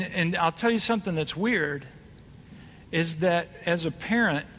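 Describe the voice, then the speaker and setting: Guy pastor giving a chatty sermon, kinda high voice, big echoey church hall. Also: fairly bright tone, a little hiss or hum. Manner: conversational, asks the congregation questions. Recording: reverberant hall.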